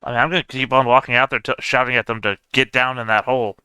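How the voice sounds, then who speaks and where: Very bright, smooth man player. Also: medium pitch, flat delivery, fast talker, no room sound. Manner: easygoing, offhand. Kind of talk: casual chat.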